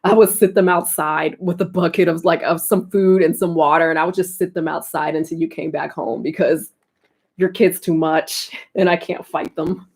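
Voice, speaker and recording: A woman's voice: lowish voice, fairly even intonation, moderate pace, a little mellow, husky. A young woman streamer with an American accent, chatting casually, telling stories and laughing often. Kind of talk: casual chat.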